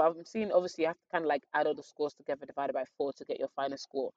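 A young woman, telling her own exam story in a casual, animated way and acting out her thoughts. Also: low-pitched, fast, hardly any pauses, no echo, lo-fi sound. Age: young adult. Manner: animated, acts out her own thoughts and others' lines with slangy asides.

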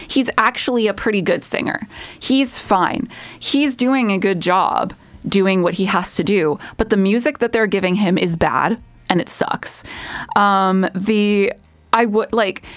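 A woman's voice: fairly low pitch, no echo. Emphatic young woman ranting on radio. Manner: emphatic, sarcastic, repeats herself for effect, laughs often. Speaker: radio show host. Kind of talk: casual opinion rant on a radio show.

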